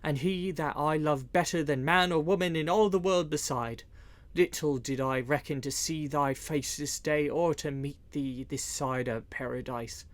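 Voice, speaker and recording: A man's voice: on the high side, measured pace, natural voice. A man voicing a grateful, emotional outlaw who speaks from the heart in an old-fashioned storybook. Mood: heartfelt.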